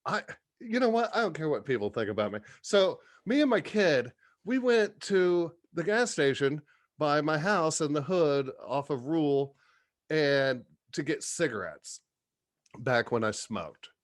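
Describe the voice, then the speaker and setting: A man guesting on a podcast, telling stories in a profane, animated, casual way. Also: a little high, a little slow, no echo, studio quality. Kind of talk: casual storytelling chat.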